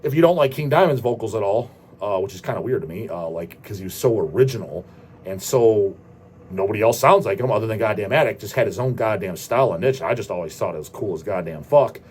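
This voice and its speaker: A man's voice: fairly low pitch, expressive, fast, a little mellow, slight background noise. A man hosting a show, answering viewer questions in a profane, ranting casual style. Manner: profane, ranting, repeats goddamn. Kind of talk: casual rant.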